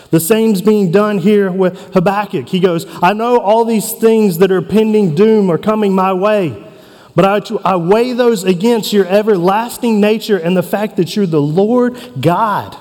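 A man with a notably high voice delivers a sermon as a pastor, earnest and emphatic, leaning on dramatic pauses. His words ring out with a long reverb, as in a large church sanctuary. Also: a little mellow.

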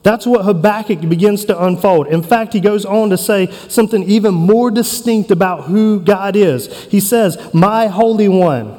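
A man with a notably high voice delivers a sermon as a pastor, earnest and emphatic, leaning on dramatic pauses. His words ring out with a long reverb, as in a large church sanctuary. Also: dark tone.

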